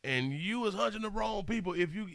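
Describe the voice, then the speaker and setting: A man's voice: high-pitched, fairly quick, gravelly, no room sound. Guy roasting a news clip, slangy and cussing, voice jumping all over, dry sound. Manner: animated, mocking, slangy, swears. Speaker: commentary show host. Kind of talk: reaction commentary on a news clip.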